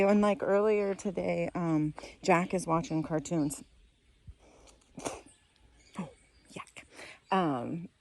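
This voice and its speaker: A woman's voice: on the low side, a little mellow. A woman vlogging outdoors in a garden, chatting casually, laughing often and losing her train of thought. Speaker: vlogger and mother. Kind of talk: casual rambling vlog.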